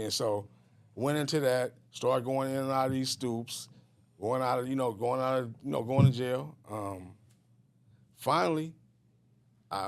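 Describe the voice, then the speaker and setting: Gravelly middle-aged man telling his story. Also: mid-range voice. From Richmond, California. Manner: rambling, many fillers and restarts. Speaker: guest. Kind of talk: casual storytelling interview.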